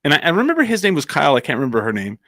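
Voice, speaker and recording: A man's voice: a little high, huge pitch swings, rapid-fire, a bit bright, dry recording, clean studio sound. Rambling man telling a story. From Albuquerque, New Mexico. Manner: rambling, heavy on "like" and restarts. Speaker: storyteller on a comedy podcast. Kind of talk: casual anecdote telling.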